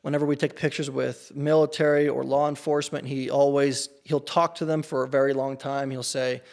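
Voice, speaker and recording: Male podcast guest, monotone middle-pitched voice, earnest and casual, often restarts his sentences. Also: brisk, creaky. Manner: earnest, with frequent restarts and fillers. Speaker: campaign staffer, podcast guest. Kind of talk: casual interview storytelling.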